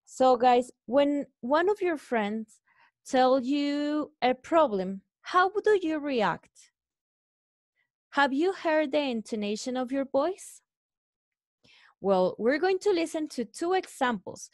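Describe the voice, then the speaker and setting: Slow-talking Spanish-accented woman teacher. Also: sits high, expressive, darkish tone, no room sound, clean studio sound. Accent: Mexican Spanish. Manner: slow, explanatory, addressing students as guys. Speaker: English teacher. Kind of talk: recorded online lesson.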